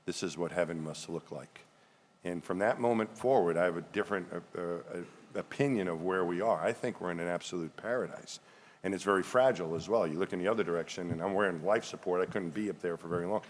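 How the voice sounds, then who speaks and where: Deep-voiced New man, reflective. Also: in a large hall. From New York area, USA. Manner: reflective, halting with repeated words. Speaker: astronaut guest. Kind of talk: panel discussion on stage.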